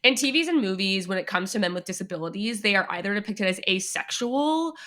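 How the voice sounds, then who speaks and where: A woman co-hosting a podcast in casual chat, talking in quick restarts and laughing often. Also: medium pitch, lively intonation, fairly bright tone. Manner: chatty, self-interrupting, laughs often. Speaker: podcast co-host.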